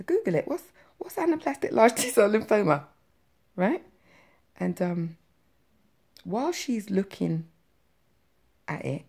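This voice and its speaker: Woman, vlogger, personal storytelling, chatty and emphatic, low gravelly voice. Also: mellow. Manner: chatty, emphatic, many fillers and "right?" tags. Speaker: vlogger sharing her cancer story.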